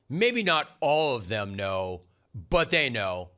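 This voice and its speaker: A man's voice: fairly high pitch, lively intonation, unhurried, pushed and bright, clear, resonant tone. A middle-aged man hosting a sports talk show, riffing in a sarcastic, punchy monologue. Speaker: sports radio host.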